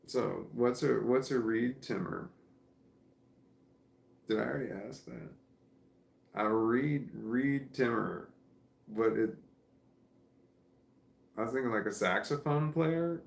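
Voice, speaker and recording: A man's voice: mid-range voice, slow, vocal fry, pauses often. A man hosting a live stream, reading viewer comments aloud in casual chat and chuckling often. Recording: echoey room.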